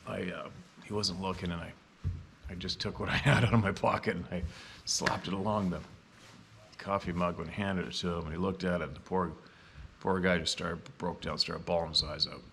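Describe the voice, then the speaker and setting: A man's voice: on the low side, sharp tone, slight background noise. A man telling rambling, blunt stories in a casual vlog, swearing now and then. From Canada. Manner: blunt and profane, with frequent asides. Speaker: vlogger.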